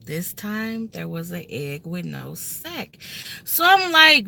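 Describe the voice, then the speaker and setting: A woman's voice: lowish voice, sing-song, takes it slowly, creaky, pushed and bright. A woman in her thirties tells a personal story in a car, speaking earnestly and emotionally and often turning straight to her viewers. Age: 30s. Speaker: vlogger telling a personal story. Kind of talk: casual heartfelt story time. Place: inside a car.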